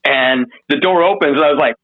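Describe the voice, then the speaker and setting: Animated storytelling man on a tinny line. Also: a little fast. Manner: animated, profane, acts out quotes in a higher voice. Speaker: interview guest. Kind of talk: casual storytelling.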